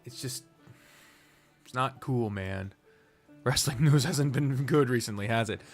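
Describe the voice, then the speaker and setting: A man's voice: mid-range voice, unhurried, soft background music. A man streaming a strategy game, chatting casually, swearing freely and rambling from topic to topic. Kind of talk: casual live-stream commentary while gaming.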